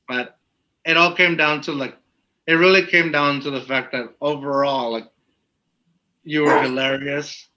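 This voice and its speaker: Chatty man with a bright, lo-fi podcast sound. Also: fairly high pitch, steady tone, unhurried, pauses often. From Texas. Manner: rambling, lots of "like" fillers. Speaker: podcast co-host. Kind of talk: casual podcast interview.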